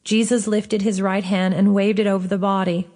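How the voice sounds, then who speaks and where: Woman calmly reading her own fantasy book. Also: mid-range voice, moderate pace. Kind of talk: audiobook narration.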